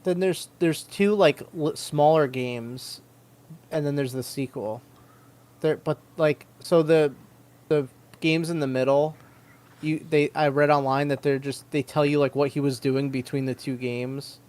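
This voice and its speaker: A man's voice: fairly high pitch, steady tone, unhurried, darkish tone. A man co-hosting a casual gaming livestream, rambling and hesitant as he works out what he means. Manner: hesitant, rambling, full of restarts. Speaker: podcast co-host.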